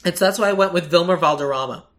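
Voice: medium pitch, racing, fairly bright tone. A podcast co-host in casual chat, rambling with lots of fillers and acting out quoted lines.

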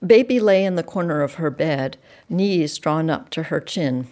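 A woman reading a dark literary story aloud, measured and dropping soft at sentence ends. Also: sits low, lively intonation. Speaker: narrator. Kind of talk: audiobook reading.

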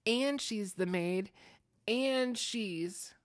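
Woman cohost rambling through a story, chatty, lots of fillers, medium pitch, dry sound. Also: very slow, no echo. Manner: chatty, animated, many fillers. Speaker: podcast co-host. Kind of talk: casual chat, retelling a story.

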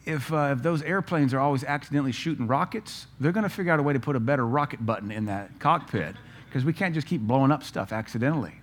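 A man preaching a sermon, firing off rhetorical questions and telling stories with lively energy. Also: mid-range voice, fast, hardly any pauses, breathy edge. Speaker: pastor.

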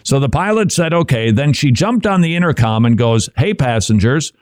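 A man's voice: fairly high pitch, sing-song, fairly quick, clear, resonant tone, dry recording. A man hosting a Christian commentary show, talking casually and wryly, with asides and chuckles. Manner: wry, conversational, with asides and chuckles. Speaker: Christian talk show host.

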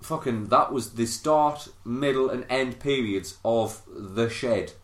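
A man's voice: mid-range voice, slow pace. Guy in his 30s swearing his way through an old story, echoey room. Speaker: podcast host. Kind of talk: casual chat, storytelling.

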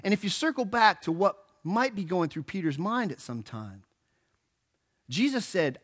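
Here a pastor's voice is high and husky, moving at normal speed. Preaching in church, he spins the story in a relaxed, joking way, with lively storytelling and acted-out quotes.

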